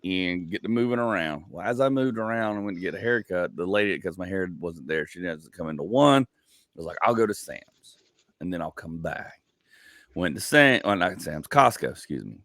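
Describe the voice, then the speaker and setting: A man's voice: sits low, animated, moderate pace, fairly bright tone, no room sound. A man in his forties hosting a casual comedy podcast, telling rambling stories full of "like" and acted-out asides. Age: 40s. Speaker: podcast host.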